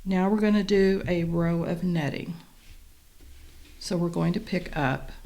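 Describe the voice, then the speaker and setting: A woman calmly guiding viewers step by step through a beading tutorial, describing each move as she works. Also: lowish voice, gravelly. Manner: calm, methodical, talks while working. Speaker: beading instructor.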